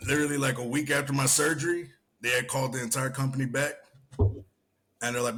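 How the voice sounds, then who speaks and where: A young man hosting a podcast, telling stories in a profane, animated way. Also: medium pitch, fairly quick. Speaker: podcast host. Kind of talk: casual chat.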